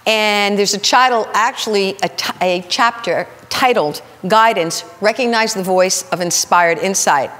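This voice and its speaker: A woman minister telling stories in a sermon, acting out the people in them with lively shifts of voice. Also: medium pitch, measured pace, hardly any pauses, long reverb tail. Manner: animated, acts out the people in her stories. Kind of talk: storytelling sermon. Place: spiritual center sanctuary.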